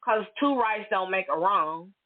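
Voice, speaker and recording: A woman's voice: mid-range voice, unhurried. A woman hosting a solo podcast, venting bluntly and emphatically in casual, profane talk. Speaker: podcast host. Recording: tinny phone-like audio.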